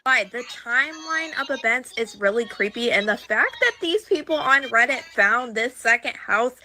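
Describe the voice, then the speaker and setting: A woman recapping true-crime news in a brisk, informative way, played as a clip. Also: fairly high pitch, lively intonation, sharp tone, soft background music.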